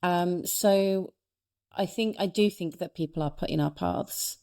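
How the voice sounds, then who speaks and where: Woman with a lowish voice. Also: a little slow, warm tone, smooth. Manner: earnest, thoughtful, personal. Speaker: speaker and coach, interview guest. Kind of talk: reflective conversational storytelling.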